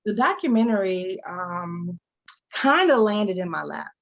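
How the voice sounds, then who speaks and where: Gravelly-voiced woman telling her story. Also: mid-range voice, unhurried. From Detroit. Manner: animated storyteller acting out quoted voices. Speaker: guest, advocate and speaker. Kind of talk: candid interview storytelling. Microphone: video call. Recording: dull lo-fi video call audio.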